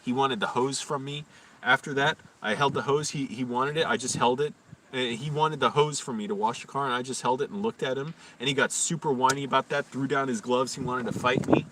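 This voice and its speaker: A man's voice: mid-range voice, fairly even intonation, fairly quick. A man telling stories on a casual live stream in a profane, ranting, indignant way. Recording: distant mic with faint background noise.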